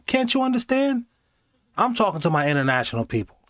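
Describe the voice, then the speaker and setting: Man, reaction host, lively swinging pitch, joking banter, dry close sound. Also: normal speed, dry recording. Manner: animated, jokey, does mocking voices. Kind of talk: casual reaction commentary.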